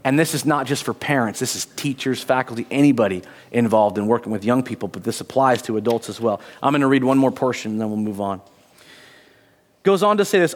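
A man's voice: mid-range voice, fairly quick. A male pastor giving a conversational sermon in a church, reading passages aloud and briefly acting out quotes. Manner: conversational, acts out short quotes, many restarts.

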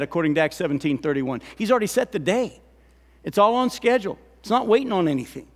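A man with a high voice preaching an animated sermon in a church, throwing questions at his listeners. His voice rings with the long reverb of a large hall. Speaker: pastor.

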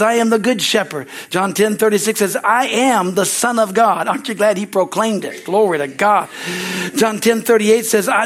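High-voiced preaching pastor. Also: male voice. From United States. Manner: excitable preaching, rising to loud exclamations; repeats phrases for emphasis, calls for amens. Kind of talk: sermon.

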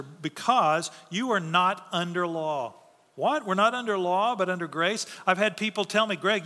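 A man's voice: high-pitched, pushed and bright, in a large hall. A man preaching a sermon as pastor, earnest and emphatic, often asking rhetorical questions and answering them.

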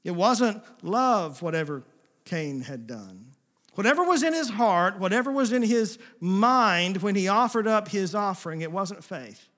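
A man preaching a sermon, swinging between emphatic, forceful passages and soft, hushed asides. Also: high voice, very animated, moderate pace. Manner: paraphrases God's words in a gentle, intimate voice. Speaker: pastor.

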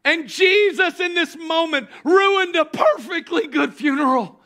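A pastor with a very high, bright, ringing voice delivers a sermon at an unhurried pace. He leans hard on key phrases, breaks into shouts for emphasis, and calls on the crowd to say lines back to him. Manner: emphatic preaching, bursts of shouting; calls on the congregation to respond.

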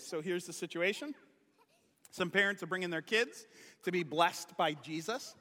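A man, a pastor, giving a playful, animated children's sermon, talking straight to the kids. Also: high-pitched, moderate pace. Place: church sanctuary. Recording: long hall reverb.

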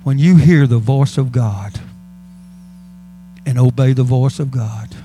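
A man's voice: mid-range voice, takes it slowly, warm tone, soft background music. A male pastor preaching a sermon in a church, fervent and calling out to the congregation. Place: church sanctuary.

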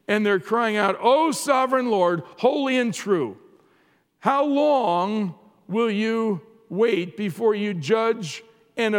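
A male pastor delivers a sermon in a slow, deliberate cadence, with a fairly high voice for a man. He speaks earnestly, stumbling and repeating words as he works toward each point. The sound carries a long reverb from a large hall. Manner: earnest preaching with frequent restarts and repeated words.

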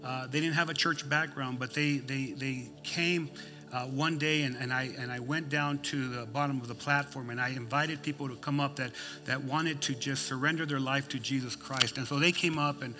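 A man's voice: medium pitch, steady tone, moderate pace, music in the background. A male pastor preaching a sermon, folksy and emphatic, telling a story with many restarts.

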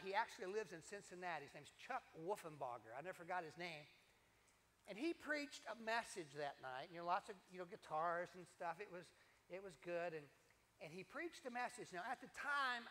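An older man, a preacher telling his testimony in a sermon, animated and full of repetitions and asides to the congregation. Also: high voice. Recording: long hall reverb.

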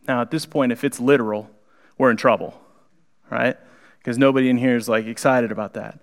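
A man preaching a conversational sermon in a church, animated and acting out the people in the story. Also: mid-range voice, quick pace. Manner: animated, conversational, acts out the characters. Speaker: pastor. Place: church sanctuary.

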